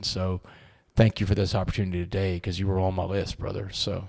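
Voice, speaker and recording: Earnest and halting, a middle-aged podcast guest recounts an emotional story, repeating words whenever feeling catches him. He has a low, a little mellow voice with vocal fry and a level tone.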